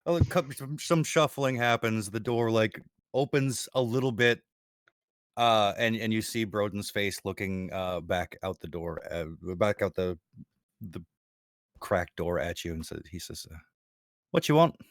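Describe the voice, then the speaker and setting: A man narrating as game master of a tabletop game, halting and repeating himself with many fillers. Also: lowish voice, steady tone, no room sound, clean studio sound.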